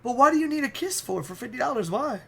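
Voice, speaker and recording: A man's voice: very high voice, animated, fast talker, vocal fry, husky, pitched above the performer's own voice, full character voice. A man doing a blunt, disgusted young woman. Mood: puzzled. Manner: blunt, incredulous.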